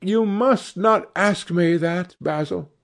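A man's voice: high-pitched, slow pace, vocal fry, pitched above the performer's own voice, exaggerated voice. A man reading aloud and voicing a charming, evasive, secretive young man in a light, lifted voice. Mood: airy, evasive.

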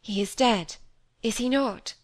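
An anxious young woman in a storybook reading, her lines pushed higher and urgent, as a woman reader puts her on. The sound is close and dry, with an even, plain tone beneath. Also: a little slow, no echo, natural voice. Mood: hushed.

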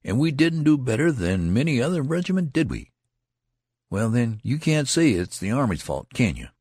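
A man voicing a brash young soldier who talks in rustic dialect and complains loudly. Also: mid-range voice, very animated, normal speed, breathy edge, dry recording, studio quality, pitched above the performer's own voice. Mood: indignant.

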